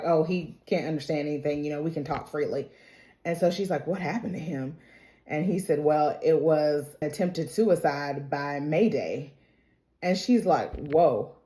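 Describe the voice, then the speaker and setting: A woman's voice: fairly low pitch, darkish tone. A woman casually recapping a TV episode, telling it as chatty gossip, acting out quotes and laughing often. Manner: chatty storytelling, acts out quotes; laughs often while talking. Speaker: TV recap vlogger.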